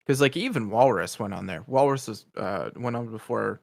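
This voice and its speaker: A man's voice: lowish voice, moderate pace, vocal fry. A man co-hosting a casual podcast chat, retelling stories in a rambling way and laughing often. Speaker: co-host.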